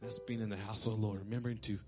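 Animated male pastor preaching over guitar. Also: fairly low pitch, very fast. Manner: animated storytelling, shouting quoted cheers. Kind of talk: sermon with a story. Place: church.

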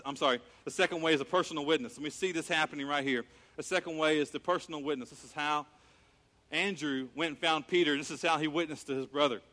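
Man preaching, fairly high voice, lively delivery, long hall reverb. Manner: animated, acts out Bible scenes in quoted voices. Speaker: pastor. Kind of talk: sermon.

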